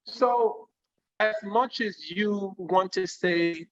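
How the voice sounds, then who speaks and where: The audio is dull, and this high-pitched man from Nigeria speaks extremely slowly. A guest singer in a conversational interview, he gives career advice through lively analogies and keeps checking with his listener.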